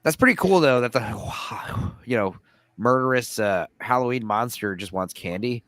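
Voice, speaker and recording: A man commenting on a horror movie in a casual watch-along chat, full of profane wisecracks. His voice is bright and tense and moves around a lot in pitch. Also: animated, normal speed, no echo. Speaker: podcast guest.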